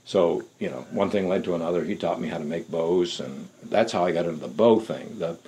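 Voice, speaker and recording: An older man being interviewed, telling rambling, unhurried anecdotes and acting out the voices of people he quotes. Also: deep voice, dark tone, rough recording. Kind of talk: casual anecdotal storytelling.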